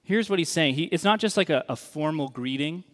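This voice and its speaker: A man's voice: on the high side, lively intonation, fairly quick, fairly bright tone. A male pastor preaching a sermon in a conversational, earnest and wry way. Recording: long reverb in a large hall.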